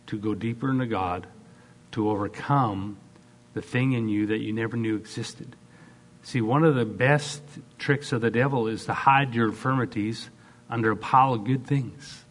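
A man preaching a sermon, acting out quoted voices and swinging from loud, fast bursts to soft, slow stretches. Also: on the low side.

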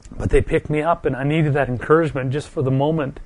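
Pitched fairly high, this middle-aged man's voice carries a gentle, earnest, heartfelt sermon. Still recovering from a stroke, he pauses often, repeats words and is quick to grow emotional.

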